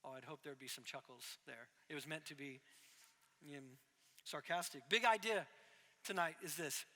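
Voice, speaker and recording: A man's voice: a little high, moderate pace, pushed and bright, in a large hall. A young adult man preaching a sermon as a pastor, talking conversationally with frequent asides and self-deprecating humor.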